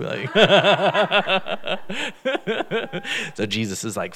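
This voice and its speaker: A man's voice: medium pitch, drawn-out words, long pauses. Chatty man leading a Bible study. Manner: chatty, laughs often, retells stories in lively quoted dialogue. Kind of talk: casual Bible study teaching.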